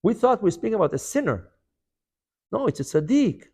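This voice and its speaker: A rabbi teaching an animated Torah class, firing rhetorical questions and mixing in Hebrew terms. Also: male voice, high-pitched, fairly quick, creaky, breathy edge.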